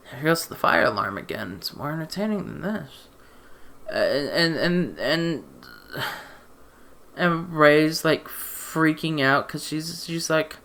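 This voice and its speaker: Slow-talking sarcastic guy ranting. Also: fairly high pitch, lively intonation, sharp tone. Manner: stammering, exasperated, sarcastic. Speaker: movie reviewer. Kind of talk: casual rambling movie rant. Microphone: desk mic.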